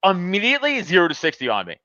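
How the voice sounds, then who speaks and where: This man's high-pitched voice races very fast as he tells a podcast story, laughing often, swearing heavily and acting out both sides of the argument with animation. The sound is muffled, with no room sound.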